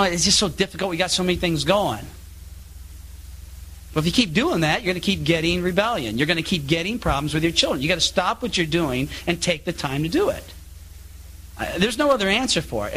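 A man giving a public Bible talk as a traveling speaker, telling anecdotes in an animated way and acting out the voices of the people in his stories. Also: sits high, a little fast, breathy edge, poor audio. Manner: animated storytelling, acts out quoted voices.

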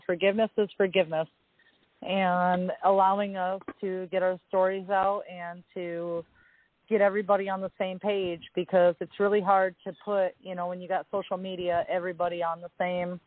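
A woman's voice: mid-range voice, no room sound. A woman calling in to a live talk show, talking bluntly and with emphasis. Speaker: caller. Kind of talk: casual call-in talk. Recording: dry tinny phone line.

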